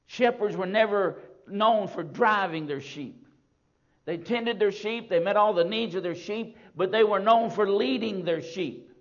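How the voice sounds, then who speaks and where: A man preaching a sermon to his congregation, stressing phrases slowly and repeating them for emphasis. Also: high voice. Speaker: pastor. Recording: dull lo-fi sound.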